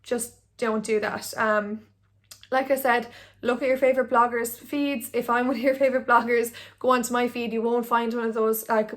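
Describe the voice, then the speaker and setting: A young woman, an Instagram blogger giving tips in a chatty, rambling vlog to a phone camera. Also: on the high side. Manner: chatty, rambling, filler-heavy. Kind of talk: casual talking-head vlog. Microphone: phone on ring light.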